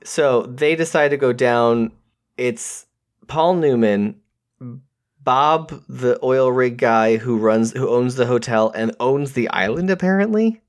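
Podcast co-host, male, loose rambling recap delivery, lively. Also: medium pitch. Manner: rambling, animated, quick to quote characters. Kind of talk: casual movie discussion.

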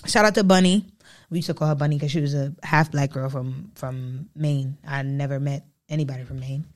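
A woman's voice: very deep voice, fairly quick. A young woman with a New York accent, co-hosting a casual chat, slangy and often laughing. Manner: laughing, slangy, animated storytelling. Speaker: podcast co-host.

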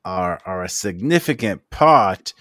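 A man voicing an excitable, rambling male inventor who stammers as he talks. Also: low-pitched, unhurried, no room sound. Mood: excited, eager. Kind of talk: voicing a character in a tabletop game.

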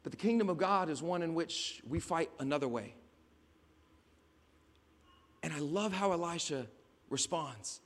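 A man preaching a conversational sermon as a pastor, rising to emphatic shouts. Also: on the high side, animated, measured pace, pauses often, big-room sound. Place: outdoors at a beach gathering.

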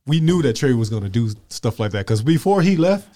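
A man's voice: medium pitch, sing-song, brisk, warm tone. Middle-aged guy hosting a chat show, teasing everybody, laughs a lot, mid voice. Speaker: podcast host. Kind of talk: casual chat.

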